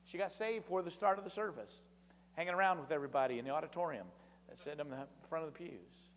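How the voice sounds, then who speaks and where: Male preacher, higher-pitched, storytelling sermon with emphatic repeats; long church reverb. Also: a little hiss or hum. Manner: dramatic swings in volume, slow emphatic repetition. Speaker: guest preacher. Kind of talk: sermon with personal stories. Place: church sanctuary.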